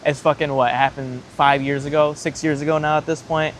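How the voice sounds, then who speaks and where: Young guy, storytime vlogger, slightly high voice, profane rambling delivery, faint background noise. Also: flat delivery, brisk. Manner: profane, rambling, heavy use of "like". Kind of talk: casual storytelling.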